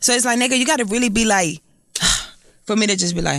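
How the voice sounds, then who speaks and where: Blunt, fast-talking Puerto Rican woman. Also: fairly high pitch, lively intonation, a bit bright, dry recording. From Puerto Rico. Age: 30s. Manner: blunt, profane, emphatic. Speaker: guest. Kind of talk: casual interview chat.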